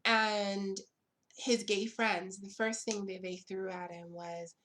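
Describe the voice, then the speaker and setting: A woman's voice: medium pitch, level tone, slow, fairly bright tone. A young woman vlogging straight to camera, emphatic and blunt, repeating her lines for effect. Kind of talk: impassioned direct-to-camera commentary.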